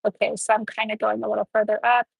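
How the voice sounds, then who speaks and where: Husky-voiced woman nail tech teaching live. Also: fairly high pitch, completely flat delivery, fast, dry recording, poor audio. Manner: chatty, explains each step while working.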